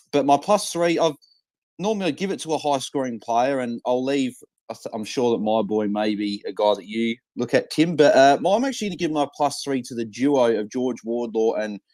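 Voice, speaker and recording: A man's voice: mid-range voice, darkish tone, no echo. A man with an Australian accent co-hosting a casual fantasy football podcast, chatty and blokey, with plenty of fillers and restarts. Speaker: co-host.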